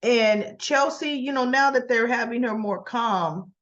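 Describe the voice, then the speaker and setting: A woman's voice: fairly high pitch, measured pace, fairly bright tone, highs cut off. A woman in a casual, chatty recap vlog, retelling scenes and paraphrasing the dialogue. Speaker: soap opera recap vlogger.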